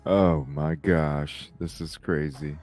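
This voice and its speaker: A man's voice: very deep voice, fairly even intonation, takes it slowly, darkish tone, soft background music. A man hosting a live podcast, chatting casually, laughing often and swearing as he rambles. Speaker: podcast host. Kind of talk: casual live-stream chat.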